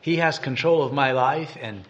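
A man's voice: medium pitch, normal speed, fairly bright tone, muffled recording. A man giving a devotional meditation and reading scripture aloud in an earnest way, often repeating and restarting words. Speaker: preacher.

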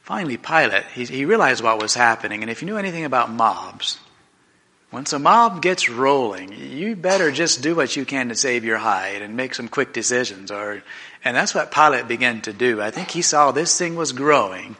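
A man preaching a sermon in an animated, conversational way, often restarting his sentences. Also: medium pitch, moderate pace. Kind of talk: sermon storytelling.

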